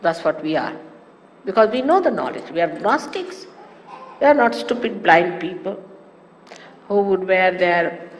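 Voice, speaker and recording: A woman giving a spiritual talk to followers, animated and teasing with amused asides. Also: fairly low pitch, a little slow, pauses often. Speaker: spiritual teacher. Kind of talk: sermon-style spiritual talk. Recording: echoey hall with faint hiss, archive 1989 tape.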